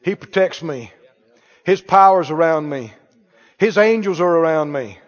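A man preaching a sermon, animated, asking the congregation questions and acting out scenes. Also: fairly high pitch, measured pace. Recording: reverberant church hall, dull lo-fi sound.

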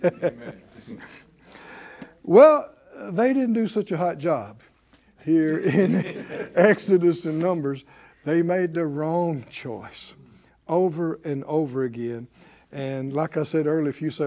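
A man's voice: on the high side, takes it slowly, pauses often, dark tone. A man preaching a sermon in an emphatic call-and-response style, leading the congregation in repeating lines.

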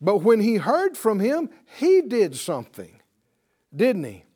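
A man's voice: high voice, huge pitch swings, slow, warm tone, slightly rough. A man teaching a Bible class to students who answer him, speaking emphatically and quizzing them with questions.

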